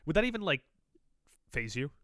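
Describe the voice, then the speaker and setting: A man's voice: a little high, big pitch swings, moderate pace, a bit bright, dry recording, studio quality. A man co-hosting a sports podcast, joking and teasing in casual chat, a little stuffy from allergies. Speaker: podcast co-host.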